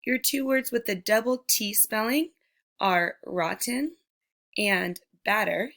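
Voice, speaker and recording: A woman teacher giving a recorded phonics lesson to young children, sounding out words slowly and speaking to them directly. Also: mid-range voice, vocal fry, a bit bright. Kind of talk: slow, deliberate remote phonics lesson.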